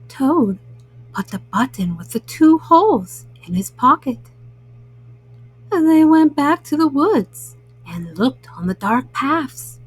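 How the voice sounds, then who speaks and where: A woman reading bedtime stories aloud to children in a gentle, soothing way. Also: sits high, very animated, slow, slightly rough, rough recording. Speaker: children's storyteller.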